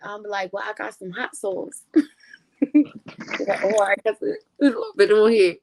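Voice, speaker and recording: A woman's voice: mid-range voice, moderate pace, slight background noise. A woman guest on a podcast, telling stories in casual slangy talk with lots of swearing and acted-out quotes. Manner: animated storyteller acting out quotes in other voices; profane, slangy. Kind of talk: casual storytelling chat.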